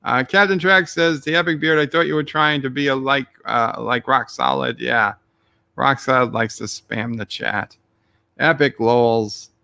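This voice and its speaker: A man's voice: medium pitch, steady tone, unhurried, vocal fry, bright, forceful tone, no room sound. A man streaming live, reading his chat messages aloud with dry joking asides.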